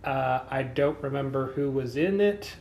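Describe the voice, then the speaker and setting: A podcast co-host in casual chat, calmly explaining plots in detail. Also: medium pitch, moderate pace, gravelly, echoey room, slight background noise.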